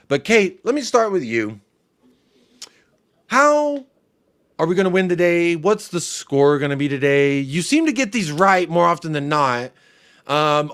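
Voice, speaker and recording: An American man hosting a casual football fan show over a video call, playful and teasing. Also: fairly high pitch. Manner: playful, teasing, jokey asides. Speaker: host.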